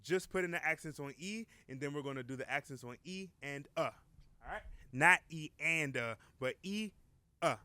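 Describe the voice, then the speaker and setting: A man giving a relaxed, encouraging drum lesson and counting beats aloud. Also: on the high side, brisk, a little hiss or hum. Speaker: drum teacher. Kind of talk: casual instructional talk.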